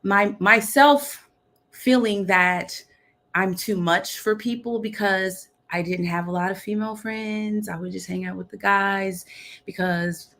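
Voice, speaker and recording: A woman's voice: mid-range voice, fairly bright tone. A young woman from Dallas talks as a guest over a video call. She is bubbly and upbeat and laughs often in easy, casual chat. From Dallas, Texas. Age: young adult.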